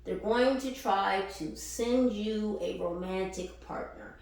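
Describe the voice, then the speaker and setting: A woman's voice: medium pitch, slow pace, creaky, darkish tone. A woman giving a casual spiritual reading, blunt and profane, who laughs between lines and repeats phrases for emphasis. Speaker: spiritual reader. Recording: very echoey room.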